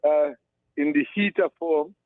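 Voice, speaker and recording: A Trinidadian man calling in to a radio show, giving rambling, affectionate shout-outs and repeating his words. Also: a little high, measured pace, no echo. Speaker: radio caller. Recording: tinny phone line.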